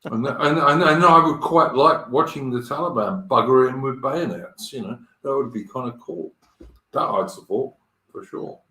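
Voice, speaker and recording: A man's voice: medium pitch, normal speed, pushed and bright, roomy sound, poor audio. A man hosting a live stream in casual chat, talking bluntly and crudely and swearing freely. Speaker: stream host. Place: home in Australia.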